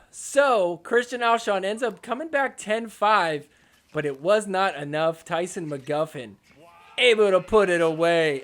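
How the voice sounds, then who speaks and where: Sarcastic high-voiced male sports podcaster. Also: fairly bright tone. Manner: sarcastic, mocking voices of players. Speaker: podcast host. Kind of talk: comedic sports recap commentary.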